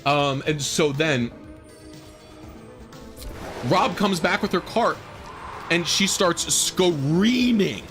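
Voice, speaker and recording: A man's voice: fairly high pitch, animated, extremely slow, pauses often, fairly bright tone, faint music behind. A man streaming a game, rambling casually through a story with lots of fillers and exasperated asides. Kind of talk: casual storytelling while gaming.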